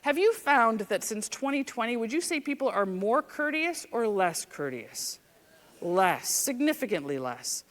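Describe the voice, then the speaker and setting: A woman, a former police officer, giving a conference keynote in an animated, conversational storytelling manner on a stage microphone. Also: on the high side, unhurried. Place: large conference hall stage. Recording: reverberant large hall.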